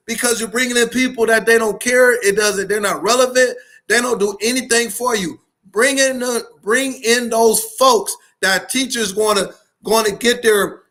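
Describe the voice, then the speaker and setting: A man who hosts a podcast and speaks on school leadership delivers a live-streamed motivational talk, preaching to his listeners with fiery repetition and slang. His voice is high-pitched and sharp.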